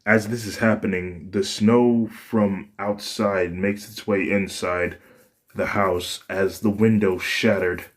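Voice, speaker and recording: A male storyteller with a deep voice reads a fan story aloud, unhurried and plain. His delivery is unpolished, stumbling and restarting now and then. Low pitch and slow pace throughout. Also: fairly even intonation. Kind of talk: fan fiction narration.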